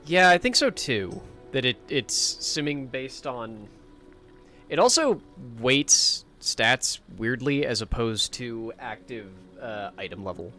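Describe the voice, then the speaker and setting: A man's voice: mid-range voice, sing-song, slow, sharp tone, soft background music. A man hosting a casual gameplay livestream, chatting in a rambling way and swearing now and then.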